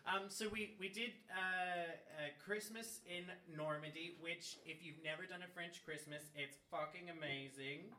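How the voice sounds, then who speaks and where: A man with a bright, ringing tone tells a story in loose, animated chat, cursing often and breaking into laughter. His voice sits a little high for a man. He sounds set back from the mic in an echoey room. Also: a little slow, hardly any pauses, a little hiss or hum. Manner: animated, swears freely, laughs mid-story. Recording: roomy sound from a distant mic.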